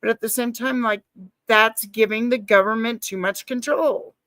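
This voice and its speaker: A woman's voice: fairly high pitch, steady tone, moderate pace, a bit bright, no echo. A woman chatting casually on a live stream, rambling and swearing, reacting to her chat and calling herself a nervous person.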